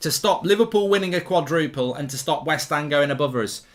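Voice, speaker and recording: As the match unfolds, this middle-aged watchalong host rants excitedly about the football and keeps repeating himself, speaking a little fast in a voice on the high side.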